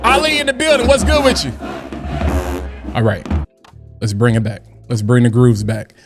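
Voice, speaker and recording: A man's voice: medium pitch, moderate pace, music in the background. Hype, slangy man hosting a livestream. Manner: hype, animated, shouts out chat names; slangy, repeats "you know what I'm saying". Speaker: livestream host. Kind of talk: casual livestream chat.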